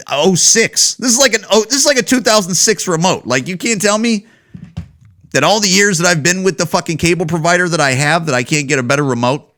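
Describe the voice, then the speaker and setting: A man hosting a podcast, ranting casually and swearing a lot. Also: fairly high pitch. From Chicago. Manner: profane, animated ranting. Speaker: podcast host. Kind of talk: casual rant.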